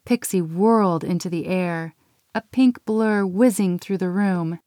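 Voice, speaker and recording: Children's story reader, woman, unhurried and even, dry close sound. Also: lowish voice, no echo. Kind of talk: reading a children's story aloud.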